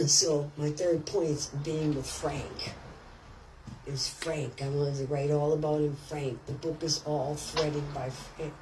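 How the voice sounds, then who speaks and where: Slow, blunt older woman, distant mic. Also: low voice, fairly even intonation, a little mellow, slight background noise. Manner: blunt, profane, rambling storytelling. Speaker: author at a book signing. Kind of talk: off-the-cuff speech to a crowd. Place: retro thrift shop.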